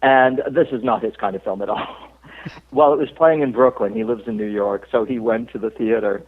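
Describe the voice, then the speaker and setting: A man's voice: on the low side, moderate pace. A man from the United States, an actor being interviewed, telling rambling anecdotes with frequent chuckles. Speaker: actor guest. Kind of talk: casual interview chat. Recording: tinny phone line.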